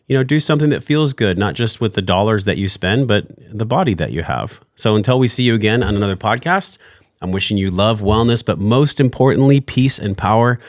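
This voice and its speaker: Male podcast host, low voice, earnest and heartfelt, dry close mic. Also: lively intonation, brisk, no room sound. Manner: earnest, heartfelt, effusive thanks. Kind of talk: casual interview chat.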